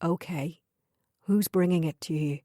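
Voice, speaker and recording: A woman voicing a gentle Irish man. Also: fairly low pitch, a little slow, dry recording, studio quality, close to an everyday voice. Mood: urgent. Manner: gentle, steady, urging. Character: gentle Irish man, calm sponsor figure.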